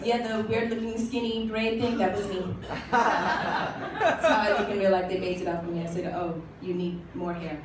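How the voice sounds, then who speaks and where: A woman's voice: medium pitch, steady tone, moderate pace, very noisy, natural voice. A woman comic playing a glamorous older star in a live stand-up act, telling her story in a dry, mock-haughty way. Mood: sardonic. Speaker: comic performing a historical figure. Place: small coffee bar, live show. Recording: roomy live room, mic from far.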